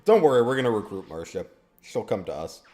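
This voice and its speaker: A man's voice: fairly low pitch, sing-song, quick pace, a little mellow. A young man chatting casually while streaming a game, rambling and trailing off with fillers.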